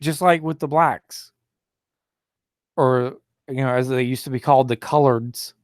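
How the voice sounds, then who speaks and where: A man's voice: medium pitch, steady tone, a little slow, no room sound, studio quality. A man hosting a solo talk show, rambling and indignant, with many fillers and restarts, who mocks opposing views in a raised, sneering voice.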